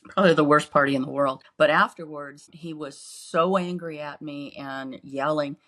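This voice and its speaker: A woman's voice: low-pitched, steady tone, normal speed, fairly bright tone. A woman co-hosting a podcast, earnestly recounting painful memories in casual storytelling. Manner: earnest, re-lives painful memories, acts out quotes. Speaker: podcast co-host.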